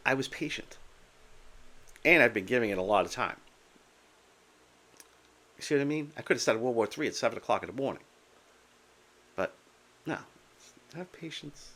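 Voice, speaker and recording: Candid older man, bright voice. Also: medium pitch, gravelly. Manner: candid, plain-spoken, with blunt humor and frequent okays. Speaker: vlogger sharing his Meniere's experience. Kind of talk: casual personal talk to camera.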